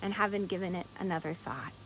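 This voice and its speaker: A woman voicing a calm, wise male monk who gently teases his companion. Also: on the low side, fast talker, a little hiss or hum, lightly acted, poor audio. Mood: gently teasing.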